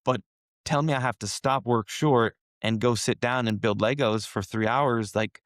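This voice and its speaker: A man's voice: mid-range voice, moderate pace, dry recording, studio quality. Earnest man telling a personal story. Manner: earnest, emotional, coaching tone. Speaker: podcast guest, wealth manager. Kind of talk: casual conversational storytelling.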